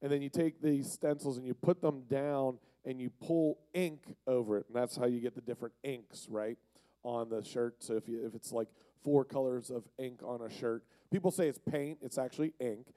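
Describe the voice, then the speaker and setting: Jokey mellow-voiced man telling a story. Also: mid-range voice, steady tone, moderate pace, dry recording. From Pennsylvania. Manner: jokey, rambling. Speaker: youth speaker. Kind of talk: casual sermon storytelling.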